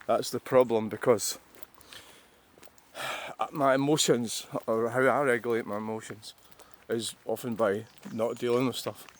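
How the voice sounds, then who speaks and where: A man's voice: mid-range voice, fairly even intonation, a little slow. A Scottish man in his sixties, a vlogger, rambling through a reflective monologue with wry, self-mocking asides. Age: 60s.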